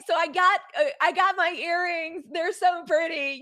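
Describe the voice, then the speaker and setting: Her voice is very high and a little bright, moving at a normal speed with few pauses. She hosts a daily live news show, and her casual live-stream commentary is chatty, outspoken, and full of frank, profane rants. She speaks bluntly to viewers, calling them "y'all" and "girl."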